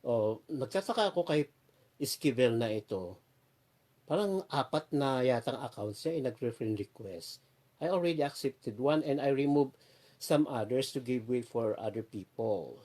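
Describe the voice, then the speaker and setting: Mellow-voiced Filipino man chatting on a livestream. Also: mid-range voice, expressive, normal speed. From Philippines. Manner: rambling, switches between Tagalog and English, greets viewers by name. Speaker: livestream host. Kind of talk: casual livestream chat.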